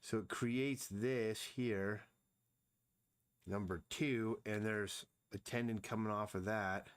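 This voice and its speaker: Brief: low-pitched man, drawing on a live stream, slow and musing, talks to himself as he works. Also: steady tone, smooth. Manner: slow, thinking aloud, mumbling to himself. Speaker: comic artist streaming his drawing. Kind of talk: casual live-stream narration while drawing.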